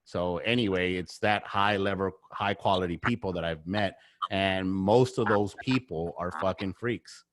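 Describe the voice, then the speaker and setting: A man's voice: deep voice, unhurried, no echo, clean studio sound. A man speaking as a podcast guest in a casual conversation, blunt and full of swearing, hammering his points with repeated phrases. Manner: blunt, heavy swearing, repetitive emphatic phrasing. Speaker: podcast guest, real estate investor.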